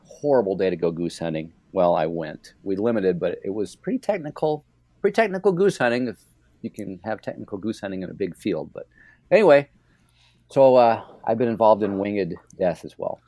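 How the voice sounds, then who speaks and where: A man hosting a hunting podcast, telling stories in a relaxed, joking way. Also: lowish voice, a little fast, dry recording. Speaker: podcast host. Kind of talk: casual hunting podcast chat.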